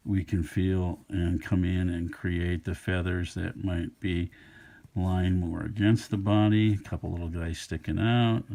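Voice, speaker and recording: A middle-aged man with a low voice teaches a drawing lesson, musing aloud as he sketches. His tone is easygoing and unhurried, and his voice has a gravelly rasp. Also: little pitch movement, mellow, slight background noise. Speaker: art instructor. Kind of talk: relaxed drawing tutorial narration.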